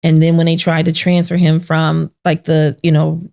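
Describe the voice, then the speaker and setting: Her pitch sits low and her delivery is monotone at a moderate pace, with a gravelly yet mellow quality. She's a podcast host in a sit-down conversation, recounting an emotional story from her own life while acting out its characters.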